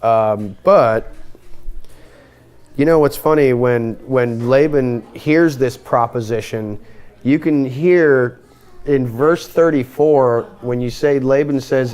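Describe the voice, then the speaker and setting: A man leads a group Bible study in an animated, conversational way. His voice sits at an ordinary middle pitch. He tosses questions to the room and acts out the speakers in the text. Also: slow. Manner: animated, acts out the characters' lines.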